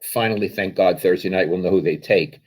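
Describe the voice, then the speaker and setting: Husky-voiced man co-hosting sports talk. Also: sits low, fairly quick. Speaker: sports podcast co-host.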